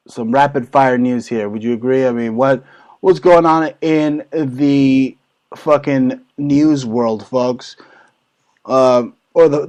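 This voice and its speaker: A man's voice: medium pitch, darkish tone, poor audio. A man hosting his own talk show, ranting crudely and mockingly about politics with heavy swearing. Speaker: show host. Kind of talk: profane political rant.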